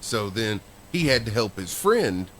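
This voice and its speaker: A man's voice: lowish voice, very animated, unhurried, a bit bright, a little hiss or hum. A man co-hosting a podcast, telling a story in a rambling, casual way. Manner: rambling storyteller with fillers and restarts. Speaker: podcast co-host.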